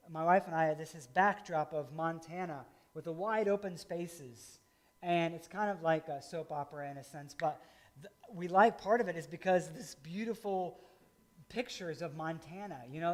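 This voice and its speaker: A middle-aged man from rural Indiana preaches in a relaxed, conversational way, full of folksy asides. His voice sits notably high for a man. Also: moderate pace. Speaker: pastor. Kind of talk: sermon.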